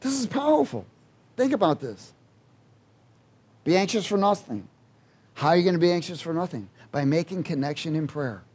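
Male preacher, high pitch, call-and-response sermon, loud exhortation and soft asides. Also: expressive, moderate pace, long pauses, slightly rough. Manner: swings between loud exhortation and quiet asides.

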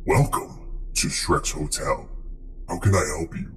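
A man voicing a deep-voiced ogre hotel manager in a slow, stiff, polite clerk manner. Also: slight background noise. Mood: deadpan polite.

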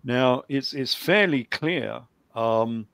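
A man's voice: mid-range voice, slow, creaky, fairly bright tone, no room sound. A man talking on a call-in show, rambling with lots of ums and a dry humor. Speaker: guest author. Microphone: video call.

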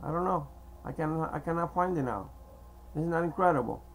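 A man whose first language is Spanish, talking in a hesitant, meandering monologue to camera with many filler pauses. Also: on the high side, slight background noise, rough recording. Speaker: video blogger. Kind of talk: casual rambling monologue to camera.

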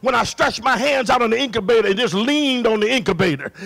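Male pastor, very high gravelly voice, preaching a sermon with shouted singsong peaks. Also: animated, fast. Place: church. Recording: live church recording.

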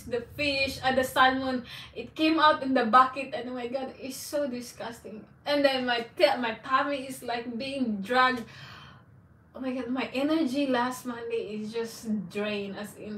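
A woman vlogger talks casually to her viewers in a rambling, candid way, breaking often into exclamations. Her voice sits a little high for a woman. She sounds set back from the mic in a roomy, echoing space. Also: measured pace, fairly bright tone, distant mic, slight background noise. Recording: echoey room, voice off-mic.

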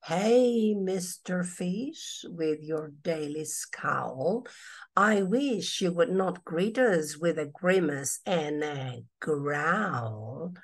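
A woman voicing a gentle jellyfish in a storybook, speaking low, quiet and slow with mild reproach. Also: animated, heavily acted.

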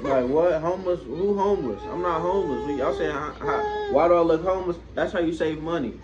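Against a crowd and clear background noise on dull, lo-fi audio, a young man with a fairly high voice talks quickly. He's the boyfriend in a prank, chatting casually but sounding indignant, rambling, and repetitive.

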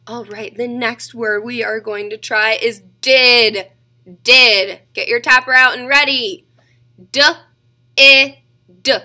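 A woman teaching a kindergarten reading lesson, sounding out letters slowly and clearly. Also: on the high side, bright, forceful tone.

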